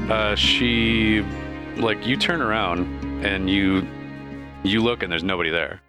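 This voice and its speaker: A man narrating as game master of a tabletop game, relaxed and casual, with frequent fillers. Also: on the low side, slow pace, over music.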